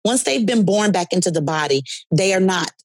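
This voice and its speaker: A woman's voice: medium pitch, animated, a little fast, dry recording. A woman guest earnestly telling stories and explaining her spiritual beliefs with conviction in a podcast conversation. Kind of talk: storytelling conversation.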